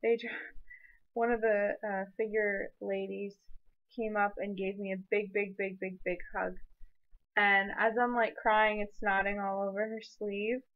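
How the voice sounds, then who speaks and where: A woman's voice: medium pitch, flat delivery, unhurried, phone-quality sound. A young woman in a personal vlog, telling an emotional story in an earnest, rambling way. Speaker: vlogger.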